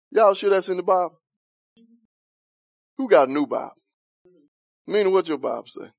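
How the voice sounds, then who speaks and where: A man's voice: high voice, expressive, moderate pace, vocal fry, long pauses, no room sound. A man leading an interactive Bible study, asking the group questions, chuckling often and talking in a loose, informal way.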